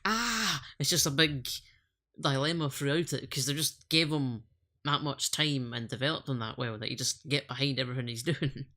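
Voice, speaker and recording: A man with a bright, forceful voice, talking through a film in a relaxed podcast chat. He is enthusiastic, laughs often and swears casually. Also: mid-range voice, brisk. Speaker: podcast co-host. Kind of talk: casual movie review chat.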